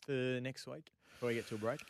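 A man hosting a radio chat, quick to laugh and chiming in with short replies. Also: mid-range voice, gravelly. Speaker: radio show host.

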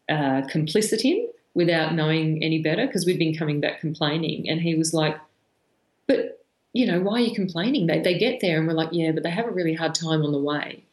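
Australian woman guest, a frank vet with a deep voice who tells anecdotes full of "um"s, recorded in an echoey room. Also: a little mellow. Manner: frank, anecdotal, with many fillers and restarts. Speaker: veterinarian guest. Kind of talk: conversational storytelling interview. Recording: roomy echo.

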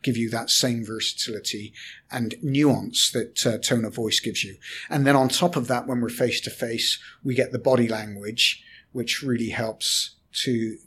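A man, a corporate trainer explaining communication in a podcast discussion, measured and hesitant at times. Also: mid-range voice, fairly even intonation, a bit bright, slight background noise.

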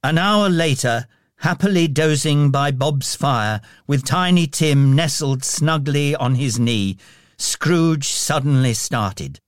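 A man narrating a storybook in a measured, expressive way. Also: fairly high pitch, no echo, clean studio sound. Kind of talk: storybook reading.

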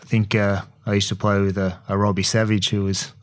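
Man, Australian accent, former footballer, low voice, dry close sound, relaxed podcast chat. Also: fairly quick, no room sound. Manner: relaxed, rambling with fillers and laughs. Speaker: former professional footballer, pundit. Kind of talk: casual sports podcast chat.

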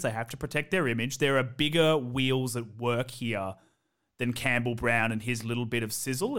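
A man's voice: medium pitch, clean tone. Opinionated man hosting a podcast. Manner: opinionated, animated speeding up and slowing down. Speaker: podcast host. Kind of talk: casual podcast chat.

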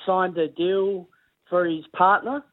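A man calling into a radio show, quick and chatty. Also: high-pitched, fairly even intonation. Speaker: caller. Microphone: phone call. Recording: tinny phone line.

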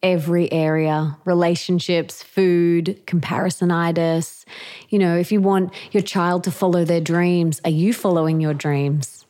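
A woman's voice: on the low side, a little slow. A woman author as an interview guest, talking in an earnest, emphatic way. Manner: earnest, emphatic, with lively acted quotes. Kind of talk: conversational interview.

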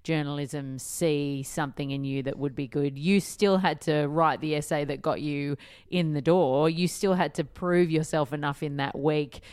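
Brief: woman interviewer, low, smooth voice, dry close sound, encouraging. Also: fairly even intonation, moderate pace, few pauses, a little mellow, dry recording. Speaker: podcast host. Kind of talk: conversational interview.

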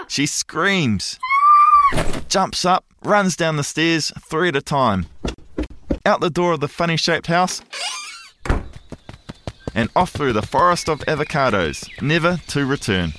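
Playful male storyteller, lively swooping delivery, fairy tale. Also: a little high, noisy background. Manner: playful, embellished, expressive. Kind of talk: animated fairy-tale narration.

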